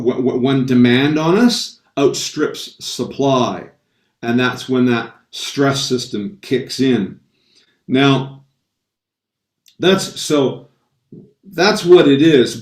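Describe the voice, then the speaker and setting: Male coach, emphatic talker with frequent restarts, mid pitch, distant roomy sound. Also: darkish tone. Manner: emphatic, repeats key phrases, many restarts. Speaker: stress coach giving a talk. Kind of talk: motivational talk on a live stream. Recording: roomy echo, distant from the mic.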